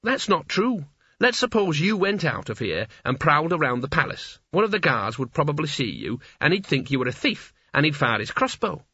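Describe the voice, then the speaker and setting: A man's voice: on the high side, moderate pace, slightly rough, no room sound, muffled recording, exaggerated voice. Fussy flustered wizard, as a man reads him. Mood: explaining. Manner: anxious, rambling, excitable.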